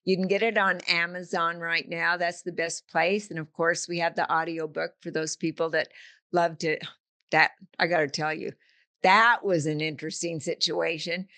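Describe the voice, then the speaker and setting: A woman's voice: fairly low pitch, level tone, moderate pace, sharp tone. An older woman, a coach and author, talking casually in an interview and telling stories with vivid analogies. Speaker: guest, business coach and author.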